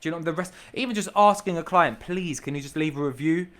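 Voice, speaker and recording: A man's voice: on the high side, fast talker, a bit bright. Eager, emphatic man on a podcast. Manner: enthusiastic, emphatic, repeats himself, calls people bro. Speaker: podcast guest, tree surgery business owner. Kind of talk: casual podcast chat.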